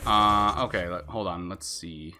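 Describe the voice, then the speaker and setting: A man's voice: low-pitched, measured pace, sharp tone, a little hiss or hum. A man streaming a video game, commenting in a casual, rambling way with lots of fillers. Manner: rambling, chatty, lots of fillers and self-interruptions. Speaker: gaming streamer.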